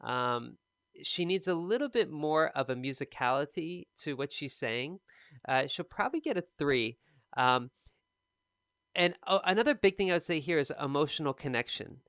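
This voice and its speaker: Smooth-voiced male TOEFL teacher. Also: a little high, expressive, normal speed, fairly bright tone, no echo, studio quality. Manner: conversational, explains with examples. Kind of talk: live-streamed teaching talk.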